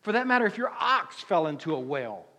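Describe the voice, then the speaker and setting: A man with a Southern US accent preaches in a church, his voice sitting a little high for a man. He talks in a folksy, conversational way and keeps asking the congregation questions. A long reverb from the sanctuary trails behind his words. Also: lively intonation, quick pace, pushed and bright. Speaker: pastor. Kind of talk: sermon.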